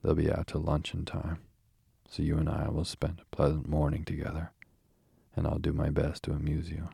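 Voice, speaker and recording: A man's voice: very deep voice, completely flat delivery, vocal fry, warm tone, husky, no echo, clean studio sound, heavily acted. A man reading the part of a cheerful, practical water rat who talks heartily to his friend. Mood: hearty. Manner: hearty, brisk.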